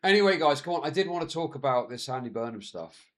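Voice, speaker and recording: A man's voice: on the high side, quick pace. A man in his thirties chatting casually on a live stream, telling stories with frequent laughs and swearing. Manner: chatty, laughs often, swears, animated storytelling.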